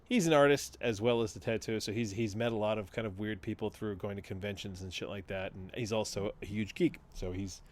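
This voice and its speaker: A man's voice: fairly low pitch, fairly even intonation, fairly quick, few pauses. A man co-hosting a podcast in casual chat, telling a rambling story with frequent laughs and casual swearing. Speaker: podcast co-host.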